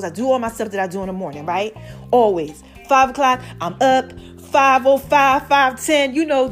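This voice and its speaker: A woman vlogger and podcast host chatting casually to her viewers, animated and talkative, tossing in "y'all" and "okay?". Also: high-pitched.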